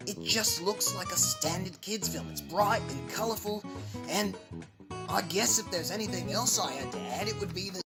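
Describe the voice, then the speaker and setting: A woman's voice: medium pitch, normal speed. A woman reviewing a film's animation in a hesitant, hedging way. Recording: loud guitar music behind.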